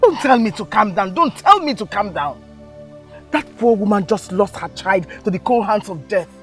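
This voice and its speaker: A woman's voice: mid-range voice, animated, moderate pace, soft background music, natural voice. An actress playing a fierce, emotional village mother who pleads and scolds, in a film drama. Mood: distraught. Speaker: mother of the healer. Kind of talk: Nollywood film acting.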